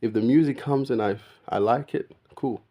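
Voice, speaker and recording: A man's voice: medium pitch, moderate pace, dark tone. A man talking casually straight to the viewer in a rambling monologue, often calling the listener "bro" and mimicking the greetings of other people. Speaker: vlogger.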